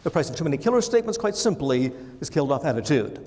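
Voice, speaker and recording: Middle-aged guy, fairly high voice, funny keynote to a crowd, sets up jokes then lands them. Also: sing-song, rapid-fire, a little mellow. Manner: humorous storytelling, punchline timing. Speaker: motivational speaker. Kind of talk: keynote speech to a live audience. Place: large room with audience.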